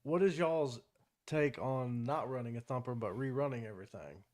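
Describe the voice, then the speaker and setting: A man's voice: medium pitch, normal speed, darkish tone. A man in a casual podcast chat, asking blunt questions and swearing casually.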